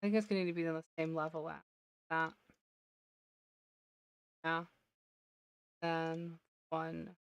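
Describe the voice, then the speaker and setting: A woman streamer chats her way through a building session, talking to herself and laughing often. Her voice sits a little low yet sounds bright and crisp, with a slight wear to it. It is captured dry and close on the mic. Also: fairly even intonation, slow pace, pauses often, no echo, highs cut off. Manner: chatty self-talk, laughs often. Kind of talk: casual gameplay commentary.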